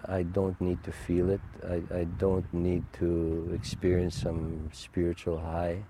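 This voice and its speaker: Man, middle-aged, very low dark voice, halting heartfelt testimony, lots of ums and restarts. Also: monotone, a little hiss or hum. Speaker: guest sharing a testimony. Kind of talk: personal faith testimony.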